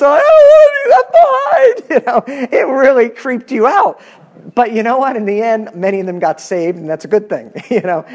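A man in his fifties teaching a Bible class in a conversational lecture style, animated and chatty with asides to his students. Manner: animated, pitch swinging up when emphatic.

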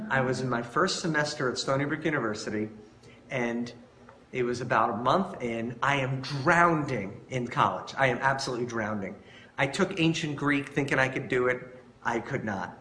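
A man preaching a sermon as pastor, conversational and animated, telling stories and asking rhetorical questions. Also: a little high, echoey room, a little hiss or hum. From Long Island, New York.

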